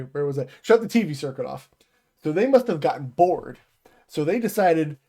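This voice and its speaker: A man's voice: on the high side, dark tone. Rambling, profane man telling work stories. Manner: rambling, profane, loses his train of thought. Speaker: podcast co-host. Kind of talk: casual storytelling chat.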